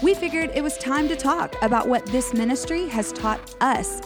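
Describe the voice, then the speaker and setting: A woman, co-hosting a casual podcast and telling lively stories with easy laughter. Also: sits high, moderate pace, over music. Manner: animated storyteller, laughs easily. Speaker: podcast co-host. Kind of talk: casual chat.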